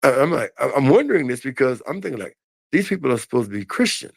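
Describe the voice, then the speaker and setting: An older man telling a story in a casual, animated and folksy way on a live stream. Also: medium pitch, fast talker, gravelly, husky, no room sound.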